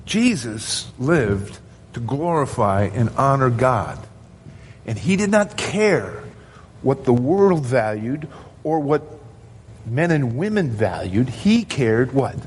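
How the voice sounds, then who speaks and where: A man's voice: mid-range voice, big pitch swings, slow pace, a little hiss or hum. A male pastor preaching a sermon to his congregation, earnest and asking rhetorical questions.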